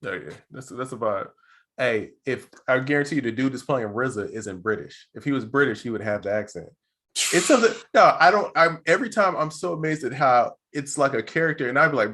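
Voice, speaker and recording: Give me a man co-hosting a podcast in loose, easy chat. His voice sits mid-range, and he talks in a relaxed, slangy way with quick laughs. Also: medium pitch. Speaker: podcast co-host. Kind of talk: casual chat.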